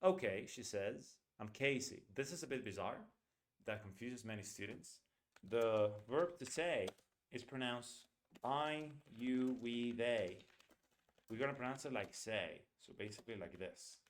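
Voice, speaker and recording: A man giving an online English pronunciation lesson. His voice is mid-pitched. He explains patiently and repeats short phrases, sometimes slowing them down to show each sound. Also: a little hiss or hum. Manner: slows down to spell out sounds.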